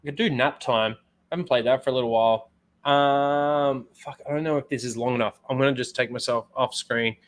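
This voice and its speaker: A man's voice: mid-range voice, steady tone, fairly quick. A man hosting a casual livestream, rambling bluntly with casual swearing. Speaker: livestream host.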